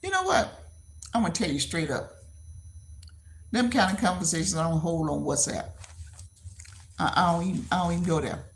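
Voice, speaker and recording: A woman's voice: on the low side, fairly quick, pauses often. A woman in her seventies talking bluntly to viewers on a casual livestream, often repeating herself. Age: 70s. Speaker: livestream host.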